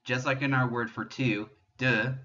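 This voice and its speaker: A man giving a patient pronunciation lesson, explaining French sounds step by step and demonstrating them slowly. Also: lowish voice, lively intonation, a bit bright, dull audio. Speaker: French teacher.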